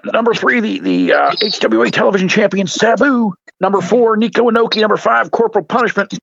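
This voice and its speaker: A man commentating on a wrestling league with gruff, crass, mock-outraged podcast banter. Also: high voice, animated, quick pace, a bit bright, dull audio, a little hiss or hum. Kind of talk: crude joking podcast banter.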